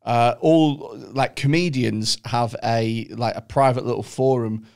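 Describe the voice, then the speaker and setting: A man's voice: mid-range voice, fairly even intonation, unhurried, vocal fry, darkish tone. A man hosting a podcast in casual, jokey banter, swearing freely. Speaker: podcast host. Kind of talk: casual chat.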